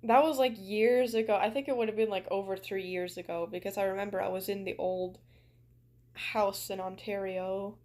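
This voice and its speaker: A woman's voice: mid-range voice, steady tone, fast, hardly any pauses, darkish tone. A young woman with a Canadian accent, chatting casually while streaming a game, rambling with lots of "like" fillers. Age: young adult. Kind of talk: casual chat while gaming.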